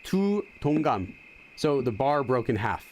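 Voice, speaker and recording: A man's voice: mid-range voice, sing-song, a little fast, darkish tone, slight background noise. A middle-aged man hosting a casual game playthrough, chatty and explaining as he goes. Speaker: gaming channel host. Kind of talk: casual let's-play commentary.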